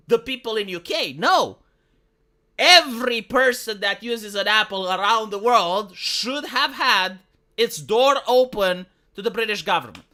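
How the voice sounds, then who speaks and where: A woman's voice: a little high, pushed and bright. A woman with a Romanian accent ranting sarcastically and profanely as a live streamer commenting on the news. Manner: sarcastic, profane, mocking quoted voices.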